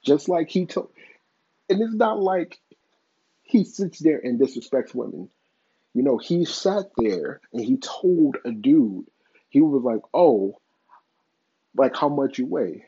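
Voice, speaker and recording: Male commentator, mellow and a bit raspy, swearing freely while speaking his mind, on a dull lo-fi mic. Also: on the high side, lively intonation, a little slow. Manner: blunt, profane, opinionated. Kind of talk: casual opinion commentary.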